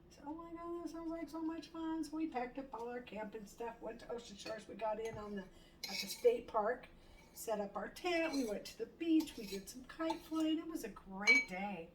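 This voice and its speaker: A middle-aged woman chatting casually in her home kitchen while she cooks, telling a story with animated quoted lines and the odd swear. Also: on the high side, normal speed. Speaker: home cooking vlogger. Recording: distant mic, faint room noise.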